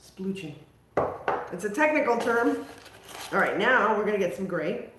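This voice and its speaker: Female craft livestream host, casual and self-deprecating, mid pitch, roomy sound. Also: expressive, moderate pace, background noise. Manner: chatty, self-mocking, talks to viewers while working. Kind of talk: casual live craft stream chat.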